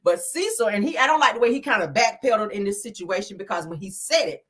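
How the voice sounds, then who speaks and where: A woman's voice: mid-range voice, animated, fast talker. A woman hosting a casual celebrity gossip show, talking in a sassy, blunt and profane way and laughing at her own slips. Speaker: host.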